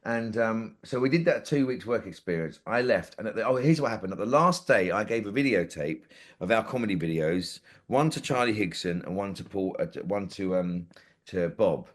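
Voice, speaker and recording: A man's voice: lowish voice, normal speed. A man in his forties, a podcast guest telling rambling anecdotes with lots of swearing and acted-out quotes. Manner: rambling, lively, swears freely, acts out quotes. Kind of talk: casual anecdotal storytelling.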